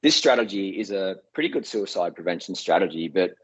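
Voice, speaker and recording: A man's voice: low-pitched, expressive, brisk, breathy edge. A man giving an earnest motivational talk, telling stories in a conversational way. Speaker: public speaker. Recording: dull lo-fi recording.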